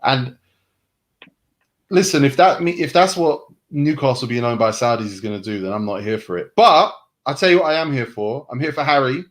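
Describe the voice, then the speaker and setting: An English man hosts a loose football banter show in an animated way, tossing in swear words and side remarks. His voice sits at a middling pitch for a man. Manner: animated, swearing, quick asides. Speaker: host. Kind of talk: casual banter.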